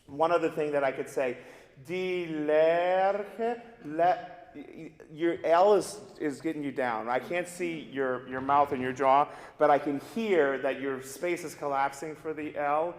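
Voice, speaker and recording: A man's voice: fairly high pitch, unhurried. A man leading a singing master class, coaching a student and demonstrating phrases by singing them, in a large recital hall. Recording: echoey hall with long reverb, faint music.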